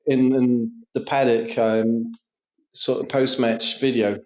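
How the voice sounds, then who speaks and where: A man's voice: mid-range voice, flat delivery, takes it slowly, a little mellow, reverberant, muffled recording. A man co-hosting a football podcast, chatting casually with lots of laughs and swearing. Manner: laughs often, swears, jokey. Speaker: podcast co-host. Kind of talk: casual banter. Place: at home, in a kitchen.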